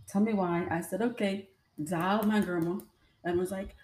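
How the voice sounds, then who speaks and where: A woman's voice: medium pitch, moderate pace, a little mellow. A young adult woman telling her own stories to viewers in a casual, rambling way, full of fillers. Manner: chatty, rambling, with many fillers. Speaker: vlogger. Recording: echoey room.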